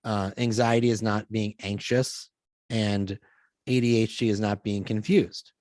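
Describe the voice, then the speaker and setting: A middle-aged man, the show's host, chatting casually and telling stories with animated voices for the people he quotes. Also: on the low side, a little slow, no room sound. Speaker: podcast host being interviewed. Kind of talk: casual conversation.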